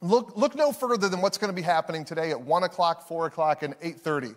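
Man, pastor, sermon, conversational storytelling, self-deprecating, fairly high voice. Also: fast talker. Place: church, preaching to a live congregation.

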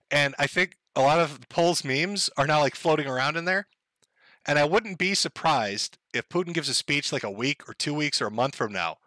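A man's voice: a little high, bright, forceful tone, no echo. A man hosting a livestream, rambling to his chat in a profane comedic rant and laughing often. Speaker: livestream host.

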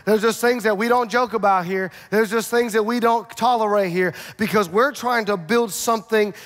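High-voiced preaching man in a reverberant hall. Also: moderate pace. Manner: energetic preaching with rhetorical questions and humor. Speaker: pastor. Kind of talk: sermon. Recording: long reverb of a large church hall.

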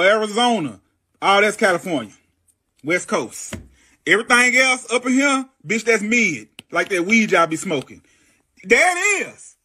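Sassy Southern woman host from Mississippi, bright and a bit husky, profane comic rant. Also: mid-range voice. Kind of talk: comedic rant to camera.

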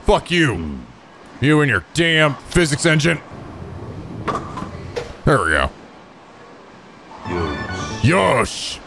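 A man's voice: a little high, noisy background. A man hosting a video game playthrough, swearing and trash-talking in mock anger. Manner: profane, excitable, mock-angry trash talk. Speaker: let's play host. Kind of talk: gaming commentary.

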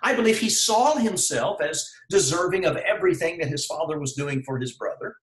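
Earnest animated preacher man, roomy echo. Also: a little high, fairly quick. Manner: earnest, addresses listeners as brethren, asks them questions. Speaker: preacher leading a devotion. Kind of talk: sermon. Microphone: video call.

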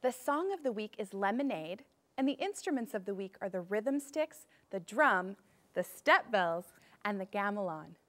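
A young woman teaching a children's music lesson, cheerfully leading warm-ups and call-and-response drills. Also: medium pitch, big pitch swings, moderate pace.

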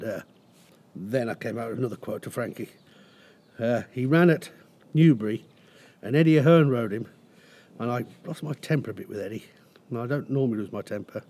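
A man's voice: medium pitch, normal speed, long pauses, mellow, slight background noise. A middle-aged man, a racehorse trainer, telling rambling anecdotes in a casual interview. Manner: rambling anecdotes with restarts and acted quotes.

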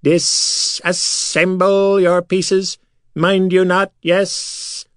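A man's voice: sits high, little pitch movement, extremely slow, clear, resonant tone, no echo, clean studio sound, voice pushed up. A man voicing hissing, curious metallic creatures that speak in scrambled word order and end lines with "yes?". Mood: eager.

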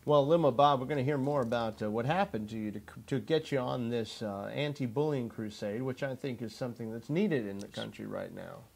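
Gravelly talk show host. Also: male voice, mid-range voice, darkish tone. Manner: halting, many fillers.

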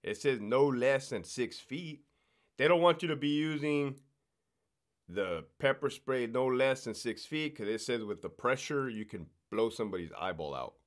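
A man's voice: mid-range voice, lively intonation, moderate pace. Man, former corrections officer, mid-range voice, blunt and profane, keeps tagging "right?". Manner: blunt and profane, explaining rules with lots of swearing. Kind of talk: casual podcast chat.

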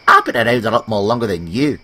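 A man voicing a cross, sensible female engine who talks in a stern, scolding way, over loud background music. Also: on the low side, huge pitch swings, fast talker, exaggerated voice.

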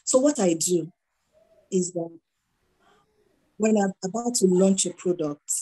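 A middle-aged woman with a Nigerian accent talks through her stories in an interview. She slips into the voices of the people she quotes, and her tone stays mellow and warm throughout. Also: on the low side, measured pace, slightly rough, rough recording. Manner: animated storyteller who acts out dialogue. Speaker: guest entrepreneur. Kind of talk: conversational interview.

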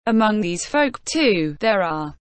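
A man's voice: high-pitched, sing-song, slow, smooth, no room sound, heavily acted. A synthetic female voice reading the part of a small, kindly old peasant soldier who talks in a tender sing-song way with homely sayings. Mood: soothing. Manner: homely folksy sayings, warmly reassuring.

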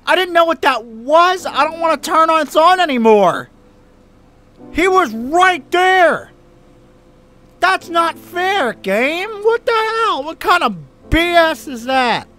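A man's voice: very high-pitched, very animated, takes it slowly, sharp tone. A young man doing let's play commentary on a horror game, jumpy and swearing, screaming when scared. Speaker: gaming YouTuber.

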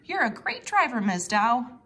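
A bubbly young girl mouse from a children's storybook chirps her lines, high and eager, voiced by a woman reading aloud. Her tone is bright and excitable. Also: unhurried, breathy edge, full character voice. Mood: excited.

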